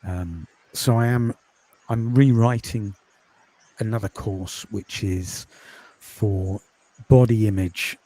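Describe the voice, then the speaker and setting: A man from the UK, a podcast host and course creator, chatting in a quiet, calming voice with many ums in a casual interview over a video call. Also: fairly low pitch, slow pace, no echo. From United Kingdom.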